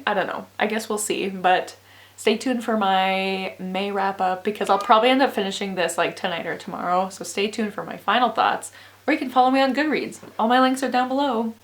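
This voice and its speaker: A sleepy, exhausted young woman chatting casually in a book vlog, rambling with lots of "like" and frequent laughs. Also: mid-range voice. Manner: rambling, filler-heavy, laughs often. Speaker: book vlogger.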